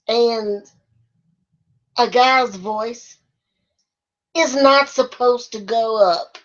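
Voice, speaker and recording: A giggly woman vlogger chats slowly and unhurriedly through viewer questions, laughing often. Her voice comes through a dull, lo-fi recording. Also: a little high. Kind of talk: casual Q&A chat.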